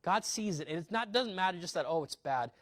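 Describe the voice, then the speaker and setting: Young guy preaching a sermon, earnest, lots of restarts, kinda high voice, dry close mic. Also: expressive, fairly quick, fairly bright tone, no room sound. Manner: earnest preaching with frequent restarts and acted asides. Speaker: pastor. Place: church sanctuary.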